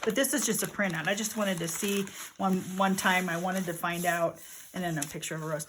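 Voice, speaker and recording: An older woman chatting loosely while she crafts, thinking aloud and wandering off topic. Her voice sits a little low. Paper crinkles clearly in the background. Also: steady tone, fairly quick, background noise. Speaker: journaling vlogger. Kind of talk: casual crafting narration.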